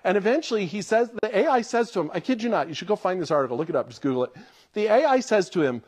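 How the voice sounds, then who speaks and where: A man's voice: high voice, fast talker. A man preaching a sermon, telling stories and acting out quoted lines with a rising voice. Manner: animated storyteller, acts out quotes in a rising voice.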